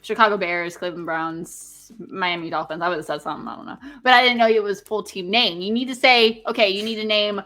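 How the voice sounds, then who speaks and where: A woman co-hosting a casual podcast, excitable and full of fillers as she plays a quick-fire quiz game. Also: lowish voice. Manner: excitable, lots of fillers and hesitations. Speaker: co-host.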